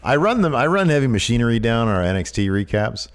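A man's voice: mid-range voice, very animated, fast, smooth. A man co-hosting a wrestling podcast, chatting casually and joking around. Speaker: podcast co-host.

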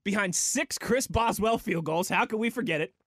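A young man co-hosting a sports radio show in a studio, energetic and playful, stretching words for effect. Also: high-pitched, moderate pace, dry recording. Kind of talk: upbeat sports talk radio.

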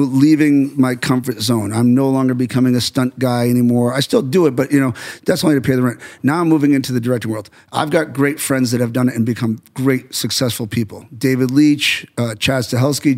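Brief: middle-aged American man, gravelly voice, lively storyteller who acts out other people's lines. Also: medium pitch. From United States. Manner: animated storyteller, acts out quotes. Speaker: guest, stuntman turned director. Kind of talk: casual podcast conversation.

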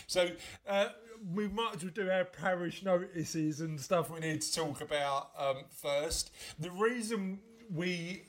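A man's voice: high-pitched, a little slow, hardly any pauses. Chatty man hosting a podcast. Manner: rambling, chatty, lots of fillers and restarts. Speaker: podcast host. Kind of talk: casual chat.

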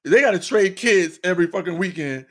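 Male comedian, casual storyteller, bit high and very lively delivery, swears a lot. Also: brisk. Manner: animated, profane, laughs often. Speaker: stand-up comedian.

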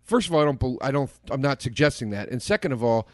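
A man's voice: medium pitch, animated, fast talker, no echo, clean studio sound. A young man co-hosting a podcast who rants in a gloomy, profane way during casual chat. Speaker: podcast co-host.

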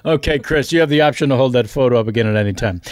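A man's voice: mid-range voice, rapid-fire, no echo. A man hosting a casual comedy podcast, introducing the guests with jokey nicknames and teasing them. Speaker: podcast host.

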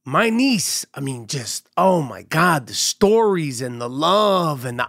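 A middle-aged man hosting a podcast, telling stories in an animated, profane way while sounding a bit sick and congested. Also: a little high, slow, creaky, few pauses, no echo, studio quality. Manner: animated storyteller, swears freely. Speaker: podcast host. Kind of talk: casual monologue.

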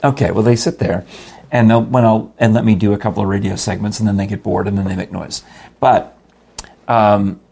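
Gravelly older man rambling casually. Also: fairly low pitch, fairly even intonation, a little fast, dark tone. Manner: rambling, restarts, chuckles often. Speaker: podcast co-host. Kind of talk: casual chat.

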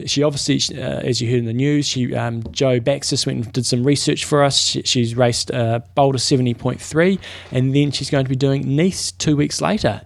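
A middle-aged man co-hosting a casual sports podcast, talking through race news in a plain-spoken way. His voice is gravelly. The sound is close and dry. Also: medium pitch, no room sound. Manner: plain-spoken, explains at length with fillers. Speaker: podcast co-host, race organiser. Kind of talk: casual chat.

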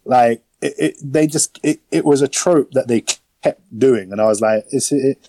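Casting: male podcast host, mellow, slangy and rambling, mid-pitch. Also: moderate pace, dry recording, poor audio. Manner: rambling, slangy, lots of fillers. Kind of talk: casual film review chat.

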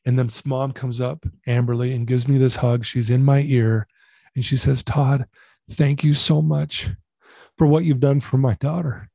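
A man's voice: mid-range voice, moderate pace, creaky, no room sound, clean studio sound. Middle-aged man telling an earnest story. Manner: earnest, animated storytelling with quoted dialogue. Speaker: guest. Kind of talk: storytelling interview.

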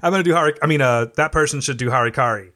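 A man's voice: mid-range voice, racing, a bit bright. A man in his thirties co-hosting a podcast in casual chat, dry and teasing, laughing often. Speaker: podcast co-host.

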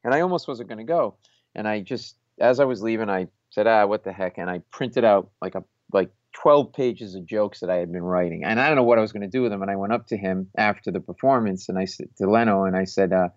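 A man's voice: on the low side, quick pace, dry recording. Rambling self-mocking storyteller, a man. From Rhode Island. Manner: rambling, many restarts and self-mocking asides. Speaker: guest, comedian and former lawyer. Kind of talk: casual storytelling. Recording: dull lo-fi, dry sound.

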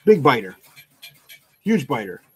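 A man who trains dogs, answering live chat questions bluntly, swearing freely and mocking soft owners in a sing-song voice. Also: medium pitch, unhurried, husky. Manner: blunt, profane, animated, mocks in a sing-song voice. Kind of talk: casual live Q&A.

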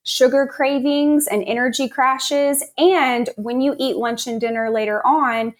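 A woman naturopath as an interview guest, explaining health topics in a steady, informative way. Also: high-pitched, a little slow.

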